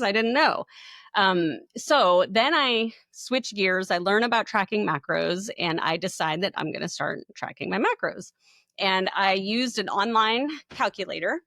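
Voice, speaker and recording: A woman podcast co-host telling a personal story in casual chat, animated and laughing as she acts out what people said. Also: medium pitch, dry recording, studio quality.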